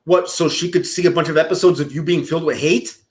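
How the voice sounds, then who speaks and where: A man's voice: on the high side, fairly even intonation, fast, darkish tone. A man streaming casual reaction commentary, profane and mocking, often breaking into laughter.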